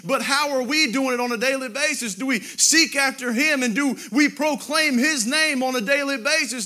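Man preaching, very high voice, bright tone, stretched-out emphatic scripture quotes. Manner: drawn-out emphatic Bible quoting, rising to loud exclamations. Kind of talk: sermon.

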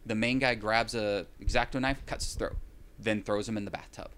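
A man's voice: on the low side, fairly even intonation, moderate pace, a bit bright. A man in casual chat, recapping a film in a rambling way with wry, sarcastic asides.

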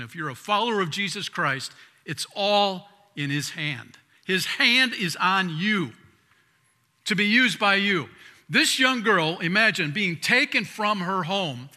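Bright-voiced male pastor preaching in a hall. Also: sits high. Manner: swings from loud emphatic lines to quiet asides; conversational, repeats and restarts words. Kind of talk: sermon. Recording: long hall reverb.

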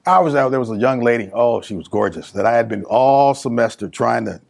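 A middle-aged man from California, telling a personal story as a guest in a casual interview, animated and acting out family members. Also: mid-range voice, brisk, gravelly. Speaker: guest, small business speaker.

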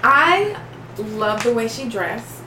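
A woman co-hosting a casual chat, blunt and laughing often, with sudden loud bursts. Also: fairly high pitch, sing-song, takes it slowly. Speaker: podcast co-host. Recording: roomy echo, distant mic, noisy background.

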